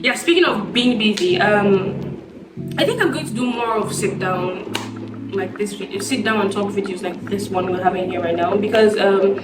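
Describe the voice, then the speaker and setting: A chatty young woman talks casually to her viewers, telling stories and acting out the people in them. She sounds set back from the microphone in a roomy space. Music plays clearly underneath her voice. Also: mid-range voice, moderate pace, recorded from a distance. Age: young adult. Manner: chatty storytelling, acts out conversations. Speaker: vlogger. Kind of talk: casual sit-down chat.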